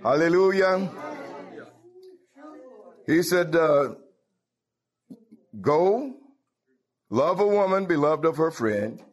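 A man's voice: on the high side, animated, slow pace, pauses often. A man preaching a folksy call-and-response sermon, laughing and calling out hallelujahs.

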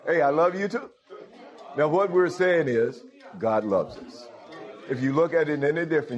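A man's voice: fairly high pitch, expressive, normal speed, muffled recording, some chatter behind. A male pastor preaching a sermon, calling out to the congregation and chuckling as he goes. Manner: call-and-response, asks the congregation "Huh?" often, chuckles.

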